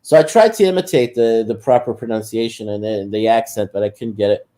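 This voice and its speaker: Halting, low-key man in casual chat. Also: mellow. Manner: halting, many fillers and restarts. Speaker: guest.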